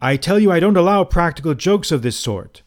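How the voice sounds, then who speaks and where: A man's voice: fairly high pitch, lively intonation, a little fast, pitched above the performer's own voice, close to an everyday voice. A man playing a frightened, indignant young guest. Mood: alarmed. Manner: crying out, urgent, indignant. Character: frightened young male guest, locked in and pleading.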